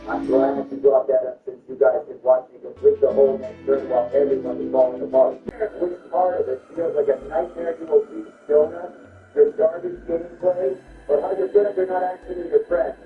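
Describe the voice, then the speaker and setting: A man trash-talking playfully while gaming, taunting the others and jumping between high and low voices, heard with some distance and dull sound over music. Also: expressive, normal speed, reverberant. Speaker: gamer.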